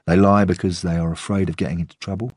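Brief: male narrator, deep and husky, dry close-miked read of first-person crime fiction. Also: steady tone, fast, darkish tone, dry recording. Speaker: audiobook narrator.

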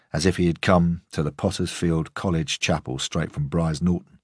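A male narrator reads a first-person novel in a measured, understated way. His voice is very low and husky. The recording is close and dry. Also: a little mellow, no echo. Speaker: audiobook narrator.

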